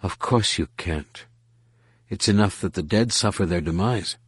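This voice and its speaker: A man voicing an enigmatic, mocking female alien in an audiobook, speaking slowly and cryptically. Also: sits low, husky, no echo, clean studio sound. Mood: calm mocking. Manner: slow, measured, cryptic. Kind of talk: audiobook narration.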